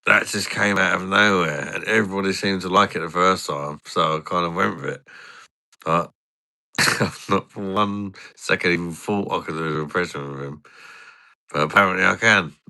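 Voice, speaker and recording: A man's voice: deep voice, moderate pace, vocal fry, bright, forceful tone, dry recording. A man chatting casually and a bit tipsy, rambling, swearing and laughing often. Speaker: channel host.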